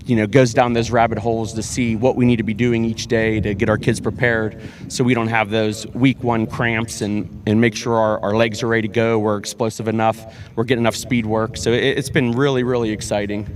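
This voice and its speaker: Earnest high school football coach. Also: male voice, level tone, brisk, a little hiss or hum. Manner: earnest, repeats words, many fillers and restarts. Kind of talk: sports interview.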